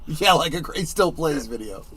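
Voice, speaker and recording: A man's voice: on the high side, lively intonation, moderate pace, sharp tone, slight background noise. A man hosting a casual movie commentary, chatty and wry as he reacts to the film.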